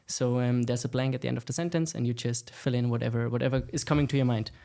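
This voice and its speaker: A man's voice: mid-range voice, steady tone, fast talker, vocal fry, dark tone. A man hosting a podcast interview, friendly and upbeat, with frequent "uh" fillers. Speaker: podcast host.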